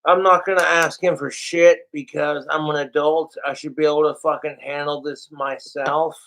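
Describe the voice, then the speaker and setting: A man's voice: a little high, little pitch movement, normal speed, gravelly, fairly bright tone. A young man livestreaming from home, rambling and swearing in a frustrated, casual monologue. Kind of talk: casual live-stream monologue.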